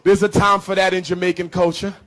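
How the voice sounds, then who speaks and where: A man giving an impassioned public speech to an audience in a rhythmic preaching cadence, punching key phrases with shouts. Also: sits high, flat delivery, brisk, low-quality recording. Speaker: public speaker. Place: live event before an audience.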